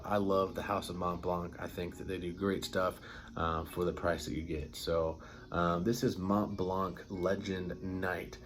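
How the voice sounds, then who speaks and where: A man casually reviewing colognes, enthusiastic and rambling, with lots of ums and filler words. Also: deep voice. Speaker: fragrance reviewer.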